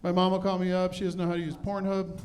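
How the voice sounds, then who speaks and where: A man's voice: high voice, monotone, fast talker. Self-mocking middle-aged male stand-up. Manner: self-deprecating, punchy delivery. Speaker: stand-up comedian. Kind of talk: stand-up comedy set. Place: comedy club stage.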